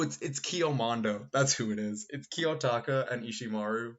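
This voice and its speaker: A man's voice: mid-range voice, fairly quick, highs cut off. A man streaming a video game, chatting casually, joking and reading lines aloud. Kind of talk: casual let's-play commentary. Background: game music.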